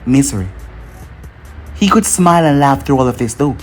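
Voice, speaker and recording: A man's voice: a little high, lively intonation, quick pace. Synthetic male storyteller voice. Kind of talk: scripted narration. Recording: faint music underneath.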